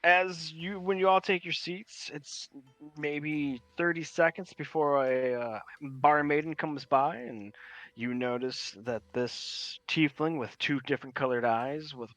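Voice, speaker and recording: Bright-voiced male game master. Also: fairly high pitch, steady tone, measured pace, no room sound. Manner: rambling, filler-heavy narration. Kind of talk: narrating a tabletop game.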